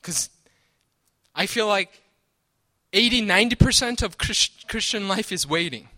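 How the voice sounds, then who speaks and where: A male pastor delivers a sermon in a fairly high voice with a bright, ringing edge. He talks conversationally rather than from a script, stumbling over and repeating words. He keeps punctuating his points with "right?". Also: expressive, unhurried. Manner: repeats "right?" often, restarts and stammers.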